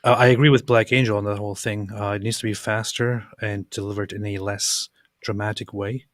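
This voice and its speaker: A man's voice: fairly low pitch, little pitch movement, a little fast, no echo, studio quality. A man in casual conversation, speaking hesitantly with many fillers and repeated words. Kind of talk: casual chat.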